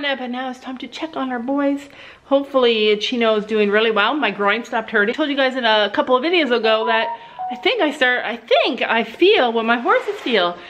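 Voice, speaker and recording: Her voice sits high and sounds a bit bright as this older woman, a grandmother, casually vlogs while strolling her farm and barn outside. She drops into baby talk for a toddler and the animals, with slight background noise in the recording.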